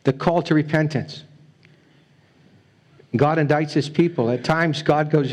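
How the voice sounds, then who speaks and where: A man's voice: a little high, unhurried, long pauses, a little mellow. A man preaching a sermon as a pastor, earnest and pleading, often repeating his phrases. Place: church.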